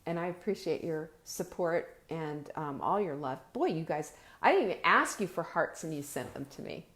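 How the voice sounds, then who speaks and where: A woman's voice: deep voice, lively intonation, normal speed. A woman hosting a motivational live video, addressing her viewers directly. She is emphatic and encouraging, stretches key words, and repeats words as she restarts sentences. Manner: addresses viewers warmly and directly, reads their comments aloud. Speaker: host of a live video show.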